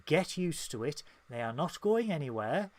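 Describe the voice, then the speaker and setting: This Northern English podcast co-host talks at normal speed in a fairly high, sing-song voice, making his points with passion and emphasis in casual conversation. No room sound is audible.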